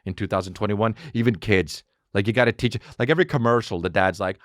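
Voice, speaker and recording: He talks fast with hardly any pauses, captured in clean studio sound with no room noise. The man, in his thirties and hosting his own comedy podcast, rants and curses freely, animated and launching into mocking high-pitched voices.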